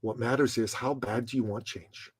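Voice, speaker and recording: A man voicing a calm, stern older male business mentor who lectures in a quiet, measured way. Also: medium pitch, slightly rough, no room sound, pitched below the performer's own voice, lightly acted.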